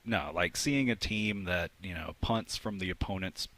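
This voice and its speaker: A man's voice: low-pitched, normal speed, fairly bright tone. A man who teaches sports analytics, chatting eagerly in a radio interview and often restarting his phrases.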